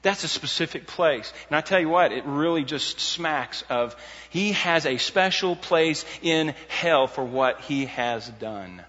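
Male pastor preaching, bright forceful voice, punches key lines, echoey church hall, kinda dull audio. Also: on the high side, expressive, measured pace. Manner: emphatic, rising to near shouts on key points; conversational asides and restarts. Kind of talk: expository sermon.

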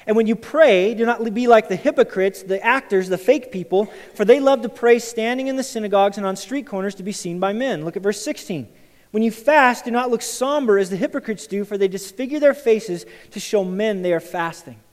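A male pastor preaching a sermon to a congregation. He moves from loud, emphatic lines to quiet, intense ones. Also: high voice, a little fast. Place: church sanctuary. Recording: church hall with long reverb.

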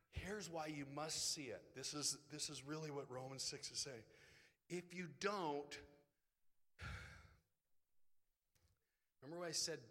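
A man preaching a sermon as a pastor, emphatic, swinging between loud declarations and hushed asides. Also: mid-range voice. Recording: long reverb hall.

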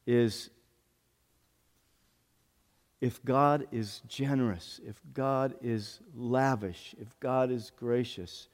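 A man's voice: mid-range voice, a little mellow. A male pastor giving an earnest sermon, often repeating phrases for emphasis. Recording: long hall reverb.

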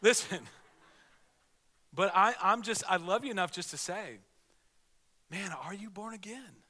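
A pastor with a high, bright, forceful voice delivers a sermon in an earnest, conversational way, frequently starting his sentences over. A long reverb tail trails after his words.

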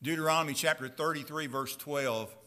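A man preaching a sermon who reads scripture aloud with slow, earnest emphasis and asks his listeners direct questions. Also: fairly high pitch, steady tone, bright, forceful tone.

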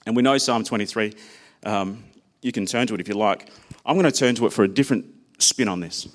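A man preaches a sermon in a low-pitched voice. His delivery is conversational and personal, and he folds stories from his own family into the message. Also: brisk.

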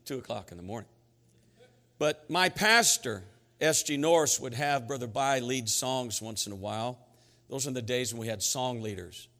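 A middle-aged man preaching a sermon in a church sanctuary, energetic and emphatic, telling stories between his points. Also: medium pitch, moderate pace. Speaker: pastor. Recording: reverberant church hall with faint music.

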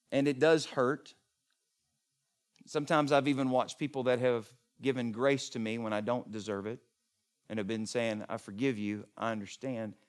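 A middle-aged man preaching a sermon as pastor, swinging from loud emphatic peaks to soft hushed lines. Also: medium pitch.

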